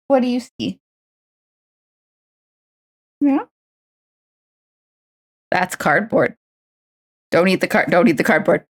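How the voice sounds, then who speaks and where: A woman chats casually on a stream while she paints a miniature, cooing playful baby talk at her pet. Her voice sits a little low, and she talks slowly and without hurry. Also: darkish tone. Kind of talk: casual chat while crafting.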